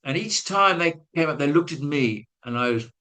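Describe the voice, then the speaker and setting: A man's voice: on the high side, animated, normal speed, bright, forceful tone, rough recording. A man giving a webinar talk to teachers, telling a classroom story in a chatty, self-mocking way with acted-out quotes. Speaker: guest speaker on language teaching.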